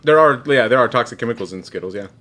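A man's voice: medium pitch, expressive, rapid-fire, a bit bright. A man co-hosting a podcast and reading out quiz clues in casual banter, defensive and exasperated when challenged. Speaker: podcast co-host running a quiz game.

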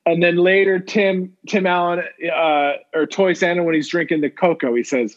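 Brief: man, fairly high voice, easygoing co-host who swears and repeats himself; muffled lo-fi recording. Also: steady tone, normal speed, few pauses. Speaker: podcast co-host. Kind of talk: casual chat. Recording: muffled lo-fi audio.

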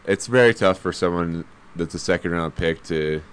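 Deep, smooth-voiced man talking basketball. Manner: measured, explanatory, hedging with fillers. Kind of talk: casual sports chat.

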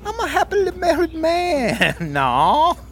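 A man's voice: very high voice, huge pitch swings, fairly bright tone, a little hiss or hum, heavily acted. A man doing a comedic impression of an older male soul singer who sweet-talks and calls everyone baby. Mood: smooth, teasing. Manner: croons "baby" at the end of lines, drawn-out and teasing. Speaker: podcast co-host.

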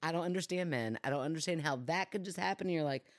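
Low-voiced animated woman podcast host. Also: fast, no echo, studio quality. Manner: animated storyteller acting out quotes. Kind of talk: casual chat and reading listener stories.

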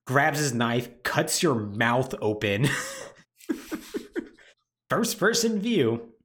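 Animated man retelling a game's plot. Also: mid-range voice, a little slow. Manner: animated storyteller acting out characters' lines. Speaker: podcast co-host. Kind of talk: casual game recap chat.

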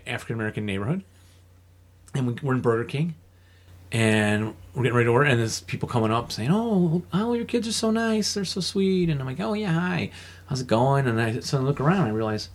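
A man leading a casual group discussion, telling a story with lively acted-out quotes and frequent laughter. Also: medium pitch. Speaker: discussion leader.

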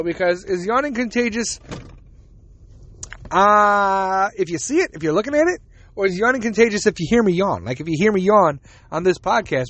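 A man's voice: high voice, a bit bright, dry recording. Profane rambling podcast host, man. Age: adult with a child. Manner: profane, rambling, self-deprecating. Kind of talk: casual solo podcast monologue.

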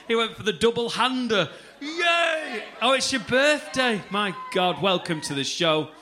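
Stand-up comic, man, 30s, bright and high voice, brash swearing crowd banter on a club stage. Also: a little hiss or hum. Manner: loud, cheeky, swearing banter. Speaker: stand-up comedian.

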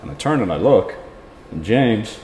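Deep voiced guy rambling through a story, laughs a lot, bit of background noise. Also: normal speed. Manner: laughs often, animated, rambling. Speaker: podcast guest. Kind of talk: casual storytelling. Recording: reverberant room with faint noise.

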